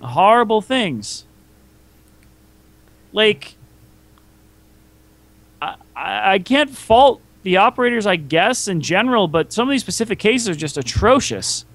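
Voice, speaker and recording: Podcast co-host, man, higher than average voice, wry and exasperated storyteller. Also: very animated, unhurried, pauses often, a bit bright, no echo. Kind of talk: casual chat.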